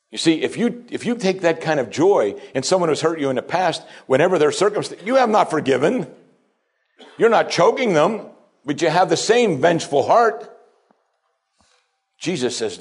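A pastor preaching a sermon, dropping to quiet asides and then rising to strong, emphatic lines. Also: male voice, mid-range voice, slightly rough. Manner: preaching with wide swings between hushed asides and raised, emphatic lines.

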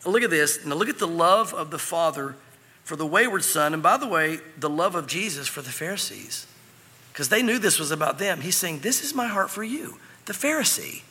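A man preaching an animated sermon in a church hall. His voice is high, bright and slightly husky, and it rings with long reverb. He slips in and out of the parable's characters as he talks. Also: a little fast. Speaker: pastor.

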